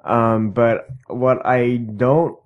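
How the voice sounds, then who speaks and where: A man's voice: medium pitch, flat delivery, extremely slow, narrow, tinny audio. A man chatting casually with friends, hesitant and full of ums and restarts. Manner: hesitant, many ums and false starts. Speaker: podcast co-host. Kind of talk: casual group chat.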